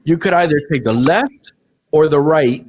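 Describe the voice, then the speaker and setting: A man with a somewhat high voice tells a long story in a casual podcast chat. He is animated and profane, slipping into the voices of the people in the story. His delivery is loose and conversational. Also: moderate pace, a little hiss or hum. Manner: animated storyteller who swears freely and acts out other people's lines. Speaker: event DJ telling a story.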